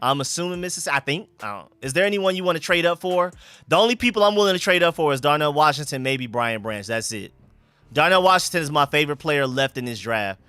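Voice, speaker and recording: Young guy, laid-back slangy stream chat that gets hyped, smooth clear voice. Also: on the high side, quick pace, dry recording. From Atlanta, USA. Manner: relaxed, slangy, bursts of hype calling out picks. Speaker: live streamer host. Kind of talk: casual live-stream chat reading comments.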